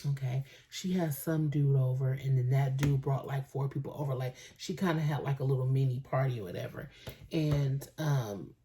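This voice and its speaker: Casting: young woman, low warm voice, AAVE, chatty storytime vlogger. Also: normal speed, a little hiss or hum. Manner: animated gossipy storytelling, acts out quotes. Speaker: beauty vlogger. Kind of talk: casual storytime chat. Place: home, indoors.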